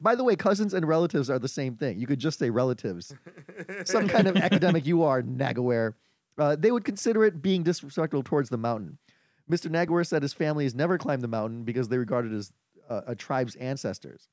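Wry, deadpan man, dry close mic. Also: medium pitch, fast, dry recording. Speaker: podcast co-host. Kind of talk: casual comedic podcast chat.

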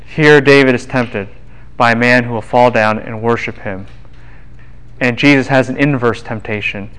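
A man giving a university Bible lecture, lively and quizzing the class with quick asides. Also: mid-range voice, smooth, poor audio.

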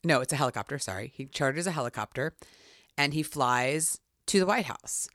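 A woman's voice: low-pitched, brisk, no echo, studio quality. A woman telling a true story in casual podcast chat, acting out quotes with lots of "like" and "you know". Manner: animated, acts out quotes, many "like"s. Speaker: podcast host.

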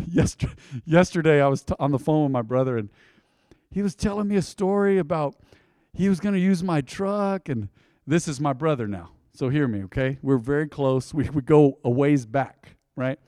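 A man preaching a sermon in a lively, storytelling way, often asking the congregation to repeat his words back to him. His voice sits a little higher than most men's, and it was recorded close and dry with no room echo. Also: moderate pace. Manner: animated, storytelling with congregation call-and-response. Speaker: pastor.

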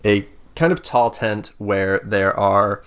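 A man's voice: fairly low pitch, steady tone, slow pace, a bit bright, clean tone. Hesitant man running a tabletop game. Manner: hesitant, many fillers, voices side characters. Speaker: game master.

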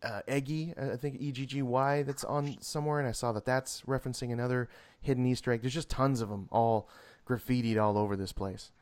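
A man's voice: mid-range voice, steady tone, fairly quick, darkish tone. A man in casual conversation about movies, rambling and laughing often as he talks.

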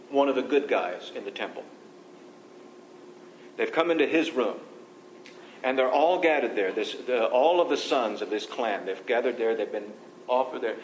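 A man teaches a Bible study to a group, reading passages of scripture aloud and discussing them in a conversational way. The recording has an echoey room sound and a faint low rumble.

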